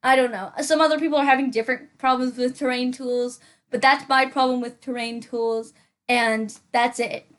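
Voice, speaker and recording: A woman's voice: fairly high pitch, steady tone, moderate pace. A young woman rambling casually over her gameplay, often mocking herself and talking to herself. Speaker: gaming channel host.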